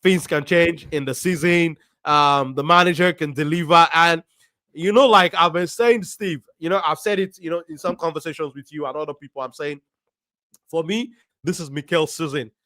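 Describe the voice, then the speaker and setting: A man hosting a football fan stream, reading out viewer comments and giving his opinion in a measured way, with frequent ums and restarts. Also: fairly high pitch, sharp tone, dry recording, clean studio sound.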